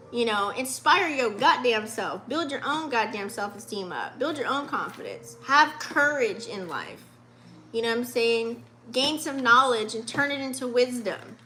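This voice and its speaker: A woman's voice: fairly high pitch, pushed and bright, slight background noise. A woman in her late thirties giving a casual, profane, heartfelt pep talk in a spiritual vlog, with many fillers. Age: 30s. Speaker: vlogger.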